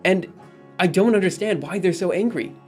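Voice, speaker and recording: A man's voice: high-pitched, normal speed, a little mellow, faint music behind. A young man rambling in casual live-stream chat, reading messages aloud and repeatedly insisting things are fine. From United States. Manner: rambling, reads chat aloud, exasperated but reassuring.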